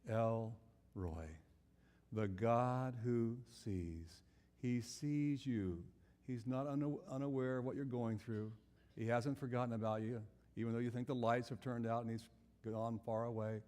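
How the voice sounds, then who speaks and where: A man's voice: medium pitch, fairly even intonation, moderate pace, a little mellow, in a large hall. A man preaching a sermon, telling a Bible story and asking his listeners questions. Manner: storytelling, acts out biblical characters' voices; asks the audience questions.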